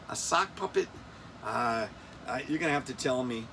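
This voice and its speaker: A man's voice: mid-range voice, expressive, moderate pace, creaky, sharp tone, a little hiss or hum. A man in his fifties hosting a casual toy countdown, rambling, joking at himself and losing his place. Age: 50s. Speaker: toy collector host. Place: air-conditioned room.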